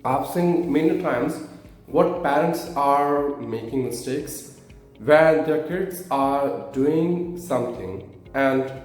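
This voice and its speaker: Slow-talking Indian English teacher. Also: male voice, mid-range voice, a little mellow, very echoey, soft background music. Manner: slow, explanatory, with frequent "right?" checks. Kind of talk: instructional video.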